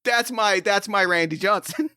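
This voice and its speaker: A man runs a tabletop game on a podcast, with a bright, forceful, slightly high voice recorded close and dry. He talks in an excitable rush and laughs often. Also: moderate pace, clear, resonant tone, dry recording. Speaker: game master and podcast host. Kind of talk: casual tabletop role-play.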